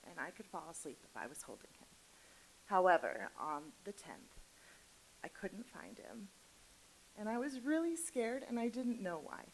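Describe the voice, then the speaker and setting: A woman in her thirties telling a personal story on a theater stage, candid and emotional, dropping to a hush and rising loud by turns. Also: on the high side, rough recording. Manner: candid, swings between hushed and loud emotional delivery. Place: theater stage before an audience.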